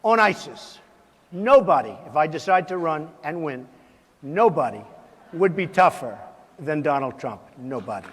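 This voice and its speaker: A man's voice: on the high side, expressive, a little slow, in a large hall, a little hiss or hum. Older man with emphatic repetitive delivery. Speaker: politician. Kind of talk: speech clip.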